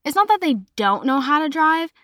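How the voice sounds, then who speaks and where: Hosting her own laid-back podcast, this young Massachusetts woman from north of Boston has a mild Boston accent and a bubbly, chatty style full of "like." She speaks briskly in a high, sing-song voice that's bright and forceful. There's no echo, and the audio is studio quality.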